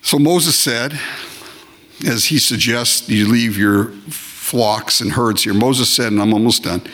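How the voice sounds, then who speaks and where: A pastor delivers an emphatic sermon, repeating phrases and now and then slipping into short comic voices of worshippers and of God. His voice is medium-pitched, slow, and a bit bright.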